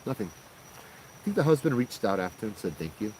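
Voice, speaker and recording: A man recounts a ghost story in a loose, conversational way. He is animated and keeps checking in with "you know" and "right?" as he talks. Faint crickets chirp in the background. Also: on the low side, normal speed, a little hiss or hum, low-quality recording. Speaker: paranormal storyteller host. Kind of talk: casual spoken ghost story.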